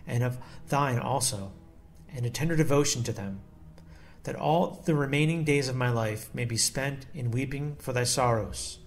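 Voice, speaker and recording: A man reading a devotional text aloud in a slow, solemn and measured way. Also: mid-range voice. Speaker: devotional reader.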